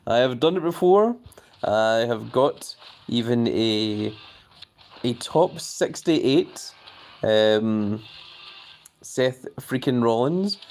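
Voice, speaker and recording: A man's voice: medium pitch, a little mellow, a little hiss or hum. A male live streamer reading viewer comments aloud and reacting with playful bafflement, jokingly formal and referring to himself in the third person. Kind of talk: casual live-stream chat.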